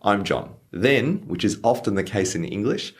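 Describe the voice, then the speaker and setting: A man's voice: fairly low pitch, very animated, moderate pace. A man teaching an English lesson in an upbeat, scripted way over faint background music.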